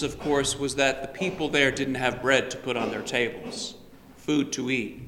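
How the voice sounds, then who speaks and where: A man preaching a sermon in a church, speaking in a slow, measured way with touches of light humor. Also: medium pitch, a bit bright. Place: church sanctuary. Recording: roomy church with long reverb.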